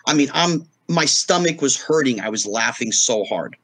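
A man's voice: medium pitch, moderate pace, slightly rough, dry recording. A middle-aged man, a guest in a casual interview, telling stories and acting out the voices of the people in them. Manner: animated storyteller acting out quoted voices.

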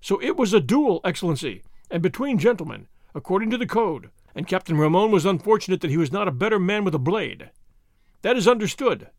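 A man voicing a proud, commanding elderly nobleman who speaks forcefully. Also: high-pitched, sing-song, fairly quick, no echo, exaggerated voice. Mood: firm.

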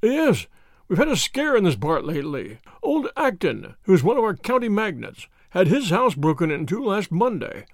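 A man voicing a bluff, hearty old army colonel who talks briskly and emphatically. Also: high voice, wildly swooping pitch, no echo, clean studio sound, pitched above the performer's own voice, exaggerated voice.

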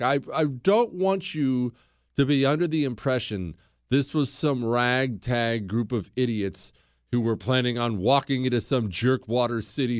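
A man's voice: mid-range voice, no echo, clean studio sound. A man hosting a talk show, giving an emphatic, blunt history monologue and repeating phrases for stress.

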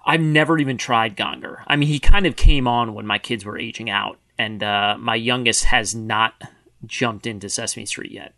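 Bright-voiced male football podcast co-host. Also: fairly low pitch, normal speed, vocal fry, no echo, studio quality. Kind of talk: casual sports podcast chat.

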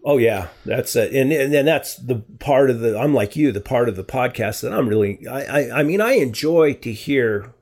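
A man talking casually as a podcast guest, halting and repeating words, often trailing off softly. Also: mid-range voice, expressive.

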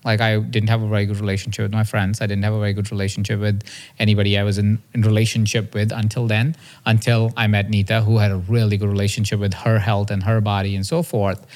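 A man's voice: lowish voice, little pitch movement, fast talker, darkish tone. Earnest man telling a personal story. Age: 30s. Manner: earnest and confessional, with frequent "right?" checks. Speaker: podcast host and coach.

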